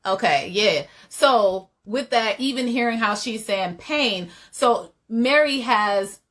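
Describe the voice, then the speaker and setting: Bright-voiced woman with Southern-Midwest twang. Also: a little high, slow. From Champaign, Illinois. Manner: animated, demonstrates by singing snippets. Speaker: supporting vocalist. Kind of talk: casual explanatory chat.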